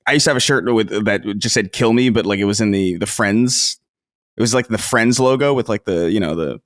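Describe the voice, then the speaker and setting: A man's voice: lowish voice, a little fast, dry recording, clean studio sound. A man chatting casually as a podcast guest, loose and profane, often interrupting himself.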